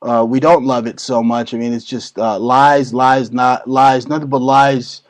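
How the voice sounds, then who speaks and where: A man's voice: medium pitch, level tone, unhurried, low-quality recording. A man hosting his own talk show, ranting crudely and mockingly about politics with heavy swearing. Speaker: show host. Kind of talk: profane political rant.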